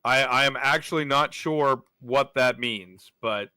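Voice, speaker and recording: A man's voice: mid-range voice, measured pace, pushed and bright, clean tone, no room sound. A man co-hosting a gaming stream, chatting casually and often restarting his sentences. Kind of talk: casual chat while playing.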